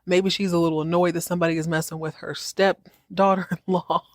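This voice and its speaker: Joking woman recapping with a low voice. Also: a little fast, no room sound, clean studio sound. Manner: animated, joking storyteller. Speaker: podcast host. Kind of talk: casual show recap.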